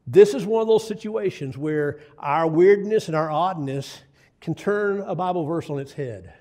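A man's voice: fairly high pitch, darkish tone. An older man preaching a sermon, telling folksy stories with asides to the congregation. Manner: folksy storytelling with asides to the audience.

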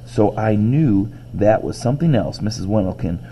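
A man reading a children's novel aloud, lively, with squeaky character voices and whispered asides. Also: normal speed, slight background noise. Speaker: reader.

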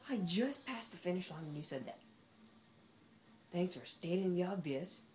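A woman's voice: lowish voice, expressive, normal speed, a little mellow, slight background noise. A woman giving casual, sarcastic commentary while playing a racing game, talking back at the game's characters. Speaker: gameplay commentator.

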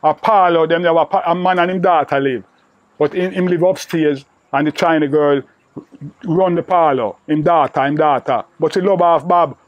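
A man's voice: fairly high pitch, moderate pace, dry recording, highs cut off. Older Jamaican man, patois storyteller. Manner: repetitive, peppered with "you know". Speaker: interviewee recalling old friend. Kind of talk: rambling oral storytelling.

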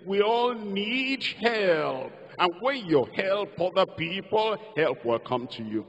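Preaching slowly and very animatedly with few pauses, an older pastor with a Nigerian accent leads the congregation in call-and-response and sing-song declarations. His voice is high-pitched and a bit bright, heard through a lo-fi hall recording.

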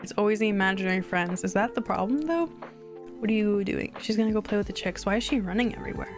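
A woman streamer chatting casually while she plays a life-simulation game, rambling and quick to get excited. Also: medium pitch, music in the background. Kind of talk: casual gameplay commentary.

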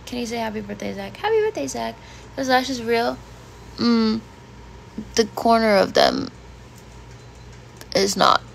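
A woman's voice: fairly high pitch, slow, creaky, pauses often, slight background noise. A woman in her twenties on a casual home livestream, reading chat comments aloud and reacting bluntly. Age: 20s. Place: bedroom at home.

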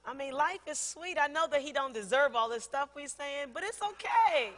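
A middle-aged woman pastor preaches in a high, bright voice. She is animated, laughs often and acts out conversations. Her words ring with the long reverb of a large church hall. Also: moderate pace. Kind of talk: sermon.

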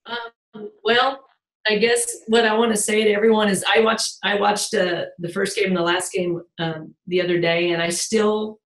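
A woman, a former player, speaking emotionally and haltingly. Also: medium pitch, fairly even intonation, reverberant, poor audio.

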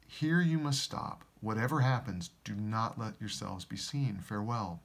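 Sad gentle lion king from a storybook, read by a guy with a low gravelly voice. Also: unhurried. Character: sorrowful gentle great male lion.

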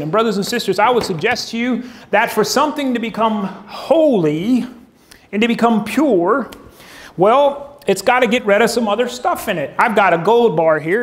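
A high-voiced man preaches a sermon in a folksy, joking way. He keeps turning to the congregation with questions and builds his points around props. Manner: folksy, humorous, asks the crowd questions. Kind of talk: sermon with object lessons. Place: church stage before a congregation.

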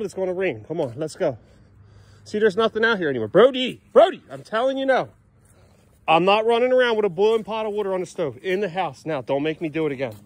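A man's voice: a little high, husky. A middle-aged man, a father filming a home vlog, exasperated and scolding as he keeps repeating commands to his kids. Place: family home, indoors and yard.

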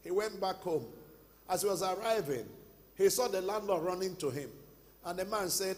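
A man with a Nigerian accent preaching a sermon as pastor, telling stories and breaking into shouts. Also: sits high, animated, normal speed. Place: large church hall. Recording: long church hall reverb.

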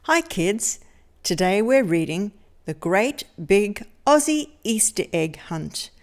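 A woman reading a picture book aloud to children in a lively, sing-song storytelling manner. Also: medium pitch, slow.

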